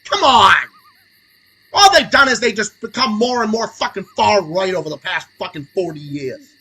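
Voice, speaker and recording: A young man hosting a podcast stream, ranting angrily and sarcastically, swinging between low muttering and shouting. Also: animated, normal speed, slightly rough, low-quality recording. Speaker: podcast host. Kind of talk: profane political rant on a livestream.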